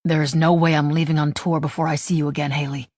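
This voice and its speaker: A woman voicing a gentle, reassuring young male rock drummer in an audiobook, talking softly and coaxingly. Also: deep voice, flat delivery, fast, no room sound.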